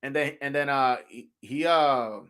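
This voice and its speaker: A man's voice: mid-range voice, a little slow, a bit bright, clear, resonant tone. A man hosting a call-in boxing show, talking casually and animatedly, cursing freely, laughing and restarting often. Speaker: podcast host.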